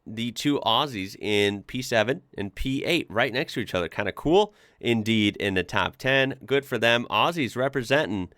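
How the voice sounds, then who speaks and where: A man's voice: medium pitch, animated, moderate pace, few pauses, a bit bright, no room sound, studio quality. A man hosting a casual reaction video, chatting with lots of fillers and laughing often.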